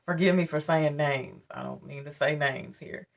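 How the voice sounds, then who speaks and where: A woman's voice: deep voice, moderate pace, gravelly, recorded from a distance. A woman in her forties telling a painful personal story to her viewers in a candid, emotional, conversational way. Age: 40s. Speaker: vlogger.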